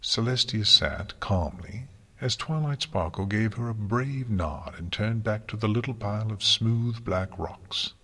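A man reads a story aloud in a slow, even storytelling manner. His voice sits low and husky, with a tense, bright edge. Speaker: narrator. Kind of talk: storybook reading.

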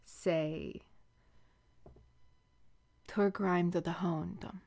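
Slow, teasing Irish woman. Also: fairly low pitch. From Ireland. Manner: teasing, playful, slow and breathy with soft whispers. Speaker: audio role-play performer. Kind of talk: flirtatious audio role-play.

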